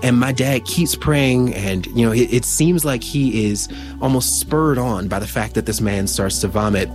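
A man telling a personal story as an interview guest, reflective and pausing to search for words. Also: mid-range voice, a little mellow, soft background music.

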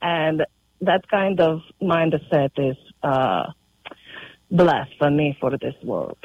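A caller on a radio show, enthusiastic and grateful when speaking to the hosts. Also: female voice, low-pitched, lively intonation, slow, no room sound, dull audio. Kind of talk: call-in radio chat.

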